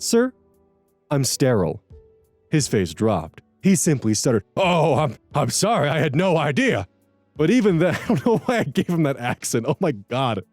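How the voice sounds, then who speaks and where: Man reading posts aloud, animated, lively pitch, dry close sound, faint music behind. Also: no echo. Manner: expressive, animated, quick asides. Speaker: channel host reading online posts. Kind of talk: storytelling reading with commentary. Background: faint lofi music.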